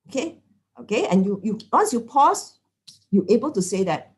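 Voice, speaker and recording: A woman's voice: medium pitch, sing-song, moderate pace, darkish tone. A middle-aged woman with a Singaporean English accent gives a chatty dharma talk, full of "lah" and "okay?" and little acted-out quotes. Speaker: lay Dhamma teacher.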